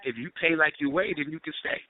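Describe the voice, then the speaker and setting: A man's voice: on the high side, fast talker. A man co-hosting a casual chat, joking and teasing with emphatic delivery. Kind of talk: casual chat on a call-in show. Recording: noisy tinny phone line.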